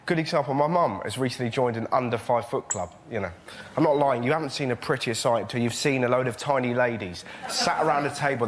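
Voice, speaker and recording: A young man telling comic stories on a panel show, full of animated shrieking impressions, in a TV studio with a live audience. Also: mid-range voice. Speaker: comedian panellist. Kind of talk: stand-up comedy routine. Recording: loud noisy studio recording.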